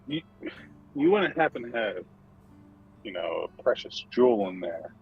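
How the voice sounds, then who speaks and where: A man's voice: medium pitch, sing-song, measured pace, creaky, husky, highs cut off, soft background music, voice pushed down, full character voice. A man voicing a blunt, teasing young male adventurer in a tabletop game. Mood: wheedling.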